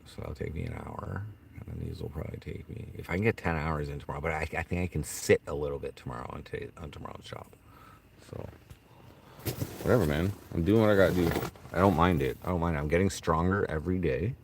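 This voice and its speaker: A man with an extremely low voice chats loosely on a livestream from inside a tent. He mumbles, curses and talks half to himself. A faint hiss of noise sits under him. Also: expressive, fast, creaky. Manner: mumbling, swearing, talks to himself while searching. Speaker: streamer. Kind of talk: casual livestream chat.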